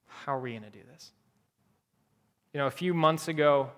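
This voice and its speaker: A man's voice: fairly high pitch, normal speed, a bit bright. A man preaching a sermon as pastor, earnest and repeating key phrases for emphasis. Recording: long hall reverb.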